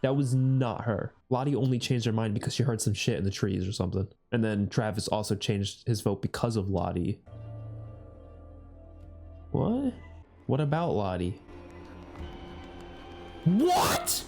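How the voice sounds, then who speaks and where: A young man giving casual reaction commentary on a TV episode, excitable and swearing often, his voice jumping high on outbursts. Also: fairly quick, vocal fry, few pauses, faint music behind. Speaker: reaction video host.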